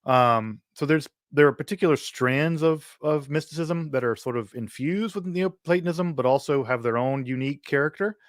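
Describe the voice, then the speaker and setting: A man's voice: fairly high pitch, moderate pace, few pauses, dry recording, clean studio sound. A man from Mississippi hosts a livestream Q&A, speaking thoughtfully with many fillers and restarts. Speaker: host answering viewer questions.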